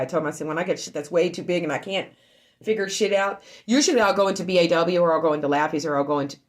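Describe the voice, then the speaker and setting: Woman, emotional casual storytelling, lowish voice, shaken, repetitive, loud outbursts and low murmurs. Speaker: streamer talking to her online group.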